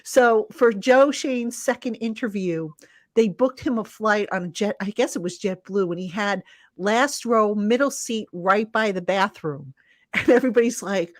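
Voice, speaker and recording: A woman sports reporter chats in an easy, explanatory way on a live online call. Her pitch sits in the middle, and the sound is dry and close. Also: measured pace, no echo. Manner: conversational, explains for listeners. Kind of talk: casual sports chat.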